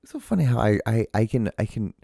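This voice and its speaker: A man with a low, gravelly voice hosts his own show and rambles through a casual solo monologue, cursing freely and restarting sentences often. His tone is dark and mellow, recorded dry and close with no room sound. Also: very animated, fast, no echo. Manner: rambling, profane, many restarts. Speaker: podcast host.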